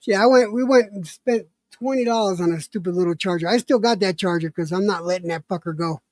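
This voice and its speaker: High-voiced man joking around. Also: brisk, darkish tone, no echo. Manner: joking, laughs often, profane banter. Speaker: streamer. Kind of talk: casual chat.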